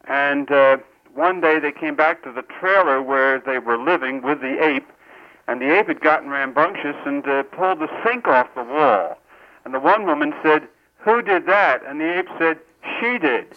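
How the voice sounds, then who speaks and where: A man calling in to a radio talk show who tells an anecdote in a halting way, with frequent fillers. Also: on the high side. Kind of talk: call-in radio chat. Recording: dull, muffled phone-call audio.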